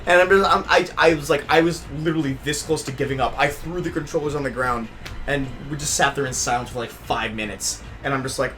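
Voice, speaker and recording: A man's voice: a little high, fairly quick, fairly bright tone. A young man hosting a casual gaming podcast, ranting emotionally and swearing often. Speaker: podcast host. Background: music.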